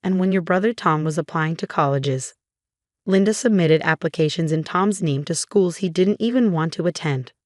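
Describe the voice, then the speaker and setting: A woman's voice: fairly low pitch, moderate pace, dry recording, clean studio sound, lightly acted. A woman voicing a tired, regretful older father in a narrated story. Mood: weary. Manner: weary, heavy.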